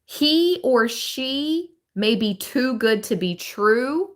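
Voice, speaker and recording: Woman doing a chill tarot live stream, talks real slow, chatty, thinks out loud. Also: on the high side, lively intonation. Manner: chatty, thinking aloud, drawn-out phrases. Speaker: tarot reader.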